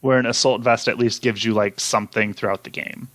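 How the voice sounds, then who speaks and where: A man's voice: on the low side, steady tone, fairly quick, a bit bright, dry recording. A man hosting a casual chat, going through poll results in an easygoing way with fillers and small laughs. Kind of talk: casual chat about game data.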